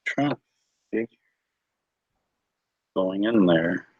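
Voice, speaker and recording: A man's voice: sits low, lively intonation, slow pace, husky, dry recording, dull audio. A man chatting casually on a livestream, rambling and searching for words. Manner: rambling, lots of fillers and restarts.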